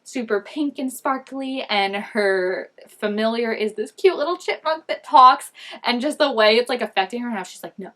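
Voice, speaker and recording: A woman's voice: fairly high pitch, moderate pace, a bit bright. Young woman gushing over a show in a chatty fan vlog, rambly, says like constantly. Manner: gushing, rambling, heavy use of filler "like". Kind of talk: casual fan recap vlog.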